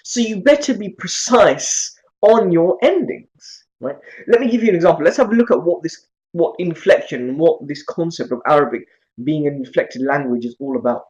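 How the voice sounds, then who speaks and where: A man with a fairly high voice teaches a class of students. He lectures with lots of energy and keeps asking his listeners questions as he explains. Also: moderate pace, low-quality recording. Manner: lively, asks many questions. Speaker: Arabic teacher.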